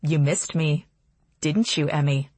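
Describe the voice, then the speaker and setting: A woman's voice: low-pitched, takes it slowly, a little mellow, slightly rough, no echo, pitched below the performer's own voice, heavily acted. A woman reading a storybook aloud, voicing a charming, teasing young man who is courting the narrator.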